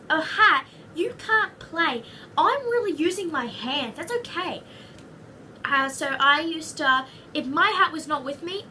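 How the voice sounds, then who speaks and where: A woman's voice: very high-pitched, bright, forceful tone, recorded from a distance, a little hiss or hum. Bubbly Australian girl rambling to camera. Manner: giggly, rambling, goofy asides. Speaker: vlogger. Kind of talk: casual chatty vlog.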